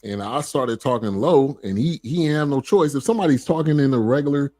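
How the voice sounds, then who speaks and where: A man hosting a podcast, agreeing often and explaining in a steady, casual way. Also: mid-range voice, a little fast, dry recording. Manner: agreeable, steady explaining with frequent "right" and fillers. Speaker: podcast host. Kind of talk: casual chat.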